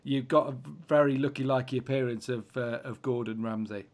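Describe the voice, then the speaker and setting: A man's voice: medium pitch, fairly even intonation, brisk. A man, main presenter, joking and protesting with laughs in a casual chat.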